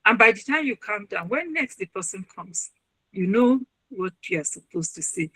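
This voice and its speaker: Woman giving webinar advice, earnest, bright voice, dry close sound. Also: medium pitch, lively intonation, normal speed, slightly rough, no room sound, poor audio. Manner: earnest, advising, acts out quoted voices. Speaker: webinar speaker, university registrar and counselor. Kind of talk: motivational webinar talk.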